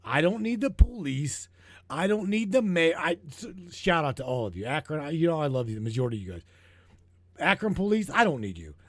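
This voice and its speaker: A man hosting a broadcast, talking in a heated, profane, rambling way and repeating himself, his voice getting hoarse. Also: on the high side, sing-song, fairly quick, no echo. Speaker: broadcast host. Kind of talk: rambling conspiracy talk show.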